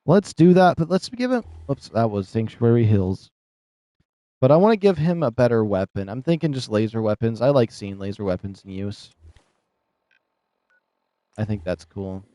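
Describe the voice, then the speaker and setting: A man's voice: fairly low pitch, animated, moderate pace, pauses often, dark tone, no room sound. Rambling man streaming a game. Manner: rambling, chatty, laughs often. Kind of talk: casual live gameplay commentary.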